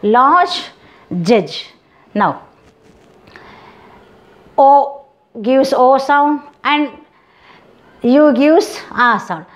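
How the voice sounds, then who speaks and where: Woman, Indian English accent, slow phonetics lesson, higher voice, repeats each word. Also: expressive. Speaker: English teacher.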